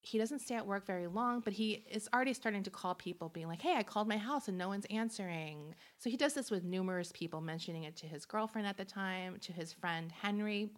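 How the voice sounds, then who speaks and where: A woman's voice: medium pitch, brisk, few pauses. Woman host, casual true-crime podcast narration, chatty, laughs easily. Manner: chatty, laughs often, acts out quotes.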